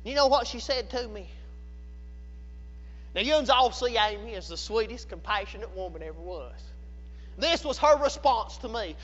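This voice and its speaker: High-pitched fervent preacher. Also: male voice, expressive, moderate pace, pauses often. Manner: fervent, rises into shouts and drops to a hush. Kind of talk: sermon. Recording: echoey hall, dull lo-fi sound.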